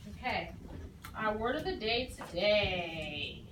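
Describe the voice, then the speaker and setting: A woman's voice: mid-range voice, lively intonation, slow pace, noisy background. A woman teacher leading a phonics lesson, patiently asking questions and repeating the pupils' answers. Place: classroom. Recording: echoey classroom from far off.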